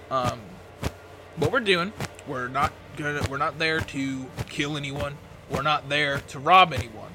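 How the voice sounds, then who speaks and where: A man voicing a gruff, dismissive gang leader with a put-on Southern accent, in a tabletop game. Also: medium pitch, background noise, close to an everyday voice. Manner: brusque, impatient, louder than his narration. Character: gruff adult male bird-folk gang leader, dismissive.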